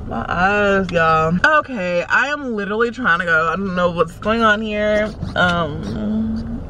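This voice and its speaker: A woman's voice: lowish voice, unhurried, hardly any pauses. A woman, a makeup artist talking casually to her vlog camera while driving, rambling and easily exasperated. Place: in a car while driving in traffic. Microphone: camera in the car. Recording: car noise behind the voice.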